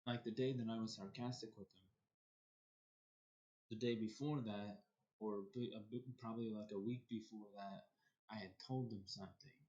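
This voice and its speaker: A man's voice: on the low side, fairly even intonation, normal speed, pauses often, warm tone, muffled recording. A man livestreaming, telling a long story in a casual, rambling way and often restarting his sentences. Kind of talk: casual storytelling while streaming.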